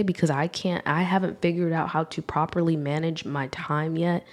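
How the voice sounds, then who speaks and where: A young woman talking candidly and reflectively on her own podcast as host, growing animated when she acts out scenes. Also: low-pitched, measured pace. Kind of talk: solo podcast monologue.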